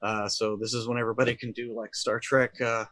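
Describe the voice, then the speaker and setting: A man's voice: mid-range voice, level tone, a little fast, fairly bright tone, dry recording. A man narrating and running a tabletop role-playing game as game master, talking casually with many fillers.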